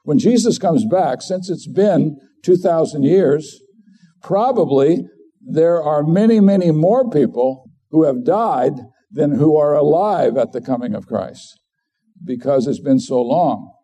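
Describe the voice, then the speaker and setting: A middle-aged man preaches in an earnest, conversational way, often backing up to restart a phrase. His voice is deep and very mellow, with a dark, warm color. He speaks as a pastor addressing his congregation. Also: lively intonation, measured pace, slightly rough. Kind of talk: sermon.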